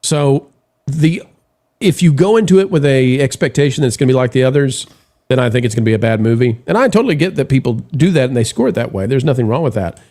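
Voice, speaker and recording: Fast-talking and animated, a man with a medium-pitched, mellow voice hosts a casual stream. He rambles as he reads audience messages aloud, filling gaps with fillers and restarting sentences.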